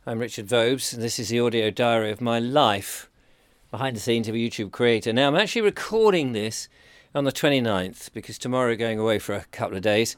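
Here a podcast host, a middle-aged man from England, talks a little fast in a mid-range, clear and resonant voice. It's a casual audio diary recorded by the stove in his home kitchen, where he potters about, rambling, chatty and self-amused.

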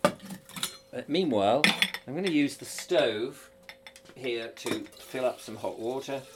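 A man's voice: mid-range voice, slow pace, noisy background. Guy rambling through his diary podcast in the kitchen, chatty, laughs at himself. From England. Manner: rambling, chatty, self-amused. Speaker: podcast host. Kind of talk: casual audio diary. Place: home kitchen by a stove.

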